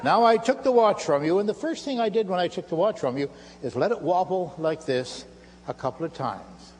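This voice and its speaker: In a faintly humming live recording from a lecture hall, an older man with a high-pitched, animated, somewhat mellow voice talks at a moderate pace. He lectures on stage before an audience and performs magic demonstrations. His patter is playful and self-mocking, a showman's style, and the audience laughs in the background.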